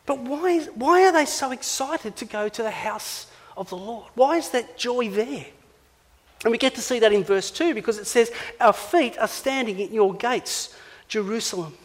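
An Australian man preaching a sermon, animated and playful, acting out little scenes. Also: very high-pitched, normal speed, big-room sound. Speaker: pastor.

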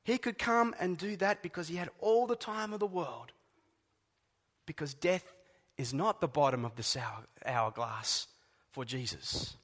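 A man preaching a sermon in a deliberate, emphatic way, dropping to soft, hushed words at times. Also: on the high side, lively intonation, big-room sound. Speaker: pastor.

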